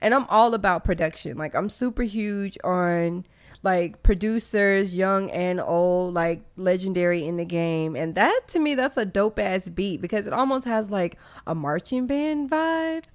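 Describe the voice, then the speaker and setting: A woman hosting a casual podcast, talking in excited, slangy bursts and laughing often. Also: medium pitch, unhurried. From American South. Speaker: podcast host.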